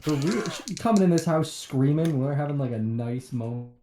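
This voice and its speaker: A man's voice: on the high side, expressive, a little fast, roomy sound, noisy background. A man playing a tabletop game, easygoing and prone to stammered restarts. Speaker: player.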